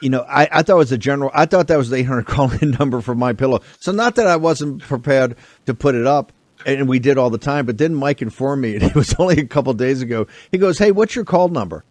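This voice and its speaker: A male radio host telling a story in a quick casual way, laughing along as he talks. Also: medium pitch, a little mellow, dry recording.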